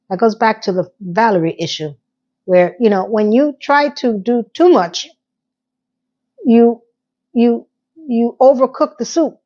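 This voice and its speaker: A woman's voice: on the high side, a little slow, pauses often, dark tone, lo-fi sound. Sassy woman recapping a TV episode. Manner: chatty and sassy, addresses viewers directly. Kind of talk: casual episode recap commentary.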